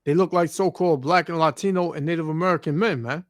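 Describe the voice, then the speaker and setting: A man with a high-pitched voice preaches over news clips. He reads scripture aloud and stammers through his fillers. He ends nearly every phrase with "man". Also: quick pace, no echo, clean studio sound. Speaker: street preacher.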